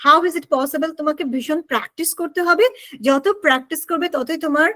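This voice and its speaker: A Bengali-accented woman teaches a spoken English lesson over a video call. She talks very fast in a high voice, switching between English and Bengali and checking whether students follow. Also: fairly even intonation, pushed and bright. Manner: mixes English and Bengali, asks students questions. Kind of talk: online class lecture.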